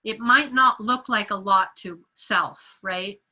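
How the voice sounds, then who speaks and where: A woman sharing a personal story in a group meeting, animated and acting out the voices of the people she quotes. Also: mid-range voice, takes it slowly, rough recording. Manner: animated storyteller who acts out quoted voices and laughs often. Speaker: meeting participant.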